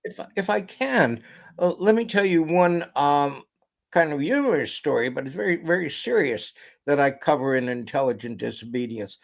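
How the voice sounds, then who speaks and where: Animated man telling a story. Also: on the high side, normal speed, vocal fry. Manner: animated storyteller, drops to near-whisper for quotes. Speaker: guest author and lecturer. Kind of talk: anecdotal storytelling in an interview.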